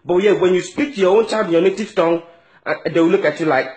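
A man's voice: sits high, fast talker, darkish tone, dull audio. A man ranting to camera in an indignant, mocking way, often stumbling over repeated words. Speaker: vlogger. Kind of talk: angry opinion rant to camera.

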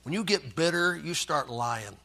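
A man's voice: fairly high pitch, lively intonation, unhurried, pushed and bright. A man preaching a sermon as pastor, reading scripture and joking in a folksy way.

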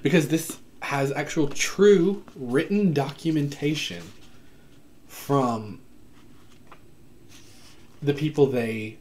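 A man chatting casually on camera about books he bought, excitable, with lots of fillers and asides, recorded at home. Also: fairly high pitch, slow, pauses often. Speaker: book vlogger. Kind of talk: casual book haul chat. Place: home room.

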